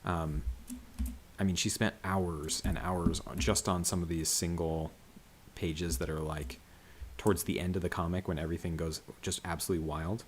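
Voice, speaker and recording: Low-voiced man rambling while he works. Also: level tone, normal speed, a little hiss or hum. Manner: rambling, many fillers and restarts. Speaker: comic colorist. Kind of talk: casual livestream commentary while working.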